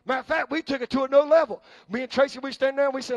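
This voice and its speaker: A male preacher delivering a sermon, folksy and joking at times, building up to fervent shouting. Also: very high voice, steady tone, very fast, hardly any pauses, no echo. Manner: folksy, humorous asides.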